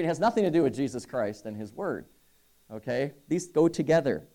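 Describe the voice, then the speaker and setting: A man's voice: mid-range voice, animated, moderate pace, warm tone. A man preaching a sermon as pastor, earnest and emphatic, with rhetorical questions and bursts of rising intensity.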